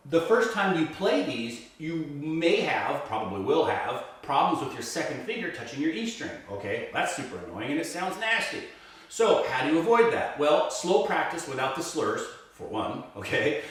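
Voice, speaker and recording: A male violin teacher walking through a piece step by step, explaining patiently and checking in with a frequent "right?". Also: a little high. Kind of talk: step-by-step music lesson. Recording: roomy echo, mic set at a distance.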